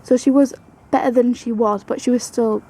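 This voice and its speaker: Fond woman with a gravelly voice. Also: fairly high pitch, fairly even intonation, moderate pace, dark tone, poor audio. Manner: chatty, fond, coos at her rabbit. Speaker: pet vlogger. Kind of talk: casual storytelling to camera. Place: at home.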